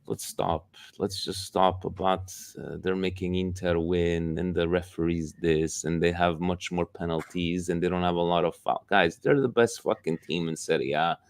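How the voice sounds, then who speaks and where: A man co-hosting a casual football podcast, talking in an animated way and swearing freely. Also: deep voice, normal speed, few pauses, no room sound. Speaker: podcast co-host. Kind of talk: casual sports talk.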